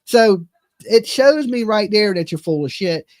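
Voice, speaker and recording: High-voiced mocking man ranting. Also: animated, a little slow, dry recording, studio quality. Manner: mocking, profane, laughing often. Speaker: commentary streamer. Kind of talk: casual reaction commentary.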